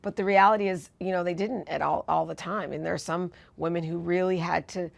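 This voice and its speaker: A woman in her forties, a TV news host and author, recounts personal stories in an interview with an earnest, reflective manner, growing animated as she relives moments. Her voice is on the low side and brisk, with vocal fry.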